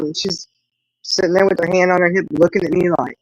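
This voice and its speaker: A woman's voice: fairly low pitch, fairly even intonation, fairly quick, no room sound, low-quality recording. A middle-aged woman, chatting casually with viewers and rambling through family stories with laughs. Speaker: livestream host.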